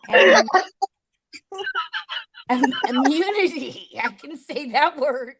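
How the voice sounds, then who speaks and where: A woman's voice: high-pitched, animated, slow, a loud crowd. A woman on a live-stream panel, chatting casually, giggling and stumbling over words. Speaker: panel guest.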